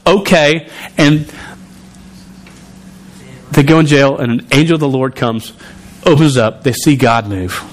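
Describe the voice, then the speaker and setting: A man's voice: medium pitch, unhurried, long pauses. A man preaching a sermon in a conversational way, often restarting and repeating words. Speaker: pastor.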